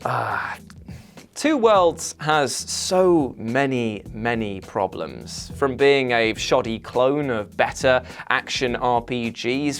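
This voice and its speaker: A man hosting a comedic gaming countdown, full of sarcastic jabs. His pitch is lively and rises and falls a lot. A faint music bed plays underneath. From Britain. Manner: sardonic, lively, jokey. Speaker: gaming video host.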